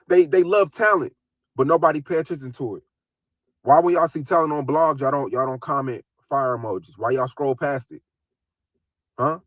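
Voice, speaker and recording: A man's voice: fairly high pitch, a bit bright, no echo, clean studio sound. A man ranting in casual commentary, firing off rhetorical questions and repeating himself.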